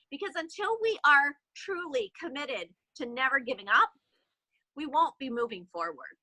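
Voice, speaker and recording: A woman sales director telling a motivational story in an animated way, with fillers, on a video call. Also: high voice, moderate pace, no room sound, rough recording.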